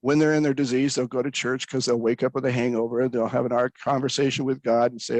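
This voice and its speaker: A man's voice: medium pitch, level tone, quick pace, few pauses, darkish tone, no room sound, rough recording. A man, a pastor in recovery, speaking earnestly about his own story, with frequent restarts. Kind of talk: candid personal storytelling.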